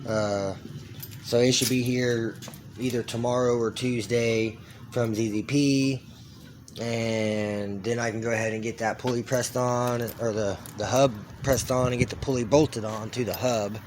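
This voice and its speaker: Young guy, mid-pitched, casual and rambling, faint background ambience. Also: unhurried, a little hiss or hum. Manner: relaxed, loose, many "like" and "uh" fillers and restarts. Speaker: car build vlogger. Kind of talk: casual rambling talk to camera.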